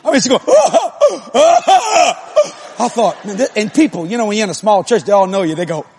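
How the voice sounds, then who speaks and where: A male preacher with a strikingly high voice that leaps up and down as he tells a funny story from the pulpit. His manner is blunt and folksy, and he breaks into laughter and acts out voices and noises. A faint hiss sits under his voice. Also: very fast. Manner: animated, laughing, mimics voices and sounds. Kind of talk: humorous sermon storytelling.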